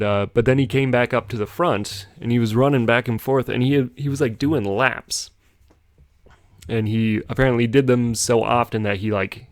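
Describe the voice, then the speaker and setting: A man's voice: medium pitch, no echo. A young man casually telling a rambling story on a podcast, chuckling as he goes. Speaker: podcast host.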